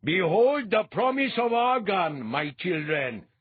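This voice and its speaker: A man voicing a thundering older male priest calling out to a crowd, in a husky, narrow-sounding recording. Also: big pitch swings, takes it slowly, no room sound, heavily acted. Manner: booming, pleading. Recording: muffled, narrow phone-like sound.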